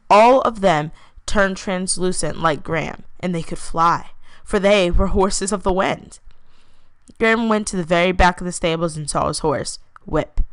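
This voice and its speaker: A woman reading her own fantasy story aloud, plainly and unhurried, pausing to correct herself. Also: fairly low pitch, fairly bright tone, smooth, dry recording.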